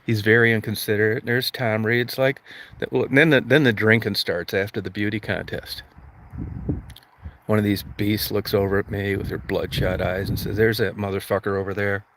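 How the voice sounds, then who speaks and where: A man's voice: lowish voice, flat delivery, moderate pace, fairly bright tone, slight background noise. A man hosting a livestream, ranting crudely with constant swearing and mock outrage. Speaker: livestream host. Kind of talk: profane comedic rant.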